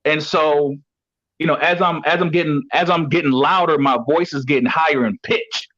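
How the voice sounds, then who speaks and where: A former pro football player speaking as a guest coach tells stories casually and rambles, filling gaps with lots of "you know." His fairly high voice is a bit bright with fairly even intonation at normal speed, and the audio is dull and lo-fi.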